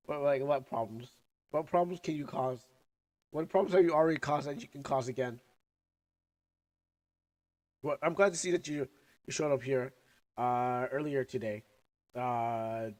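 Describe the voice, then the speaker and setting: A young man with a sick, cough-prone voice chats loosely on his livestream. He rambles, restarts and trails off. He talks around candy in his mouth, at an ordinary middle pitch. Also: darkish tone. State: sick, coughing, recovering lungs. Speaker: streamer. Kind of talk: casual livestream chat.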